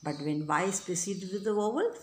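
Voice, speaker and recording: A woman's voice: mid-range voice, animated, fairly quick, roomy sound, a little hiss or hum. A woman teaching an English grammar lesson, explaining rules patiently and checking in often with the listener. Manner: patient, repetitive, checks in with "right?" and "okay?".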